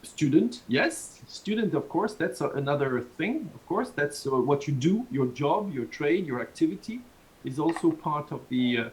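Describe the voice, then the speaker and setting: A man's voice: a little high, animated, moderate pace, low-quality recording. A man from Southern France with a Southern French accent, giving an online university lecture in a rambling, restarting way with small chuckles. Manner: rambling, many restarts, chuckles between points. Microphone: video call.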